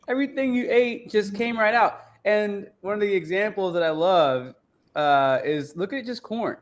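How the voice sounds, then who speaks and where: A man's voice: sits high, unhurried. A man co-hosting a podcast, joking casually with mocking asides.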